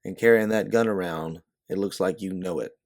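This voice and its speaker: A man's voice: sits low, normal speed, a little mellow. A man doing a grave, ominous big doorman.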